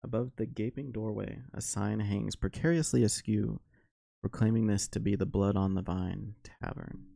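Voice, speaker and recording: A man narrating a solo tabletop game as game master, unhurried and full of fillers. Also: fairly low pitch, fairly even intonation, vocal fry, dark tone, no room sound.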